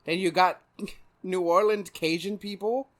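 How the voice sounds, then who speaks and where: A man's voice: high voice, fairly even intonation, unhurried. A man co-hosting a podcast in casual chat, laughing often and chiming in with jokes. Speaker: podcast co-host.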